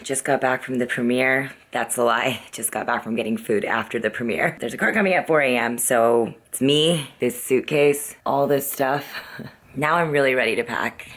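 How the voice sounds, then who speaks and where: A woman's voice: rumbling low, moderate pace. A young woman vlogging in a casual, candid, chatty way, often laughing between sentences. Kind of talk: casual vlog chat.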